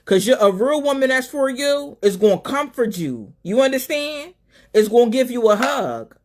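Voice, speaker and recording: A woman hosting a live call-in stream, talking casually and sassily, calling people honey and baby, swinging between loud and soft. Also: fairly high pitch, very animated, moderate pace. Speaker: live show host.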